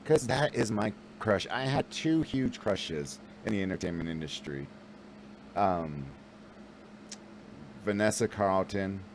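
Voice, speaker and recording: Very deep-voiced man, forties, rambling casual storyteller, faint noise behind. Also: lively intonation, takes it slowly, long pauses, low-quality recording. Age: 40s. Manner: rambling, filler-heavy, self-deprecating. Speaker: vlogger and new actor.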